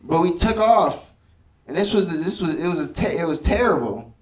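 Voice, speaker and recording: A man's voice: a little high, animated, normal speed. Stand-up comic man in a roomy club. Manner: conversational, keeps asking the crowd "you know what I mean". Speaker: stand-up comedian. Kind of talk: stand-up comedy set. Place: comedy club stage before a laughing audience. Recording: roomy live club sound from far off, crowd laughter.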